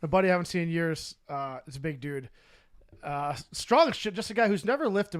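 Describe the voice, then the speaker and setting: A man's voice: fairly high pitch, expressive, fairly quick. A man co-hosting a podcast, telling stories in casual chat with crude banter and laughter. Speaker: podcast co-host.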